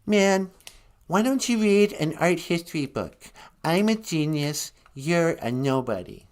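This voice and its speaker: Here is a swaggering, thin-skinned male painter who thinks he is a genius and calls everyone "man", as a man puts him on. He pushes his voice up and makes it loud and lively, swinging all over the place. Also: on the high side, measured pace. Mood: indignant. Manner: indignant, slangy, keeps calling people man. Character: brash, touchy famous male painter, arrogant and easily offended.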